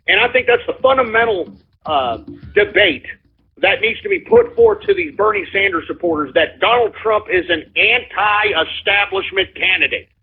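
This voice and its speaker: A man's voice: sits high, big pitch swings, normal speed, husky, faint music behind. A man hosting a call-in radio show, ranting heatedly with lots of profanity and repetition. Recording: lo-fi phone-like sound.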